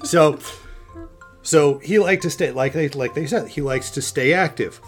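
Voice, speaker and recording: An older man, a podcast host and grandfather, telling stories in a casual, animated way and often restarting his sentences. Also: fairly high pitch, unhurried, faint music behind. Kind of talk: casual storytelling chat.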